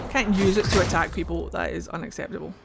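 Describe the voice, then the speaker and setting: A woman's voice: lowish voice, steady tone, fast, creaky, loud music behind the voice. A Scottish woman chatting and joking playfully while she streams a video game, swearing now and then. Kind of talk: casual game commentary.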